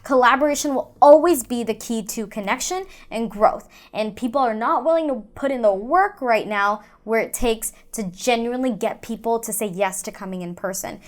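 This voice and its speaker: A young woman talking as a podcast guest in casual interview chat, energetic and persuasive, like a quick pitch. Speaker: podcast guest, fitness entrepreneur.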